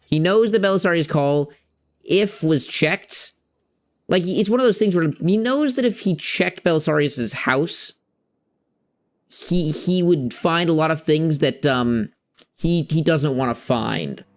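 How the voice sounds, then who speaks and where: A man's voice: a little high, lively intonation, unhurried. A young man streaming a game, chatting casually and rambling, searching for words and using loose slang. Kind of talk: casual chat while playing a game.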